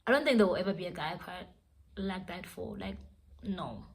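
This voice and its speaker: A woman's voice: on the low side, lively intonation, fairly quick, creaky. A young woman telling a dramatic storytime vlog, switching languages as she goes. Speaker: vlogger. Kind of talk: storytime vlog, casual chat.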